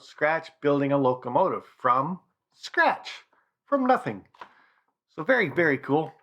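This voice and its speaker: A man's voice: medium pitch, fairly bright tone, muffled recording. A man hosting a casual live stream from his home, chatting loosely and reading out viewer names as he goes. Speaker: channel host. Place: home model railroad room.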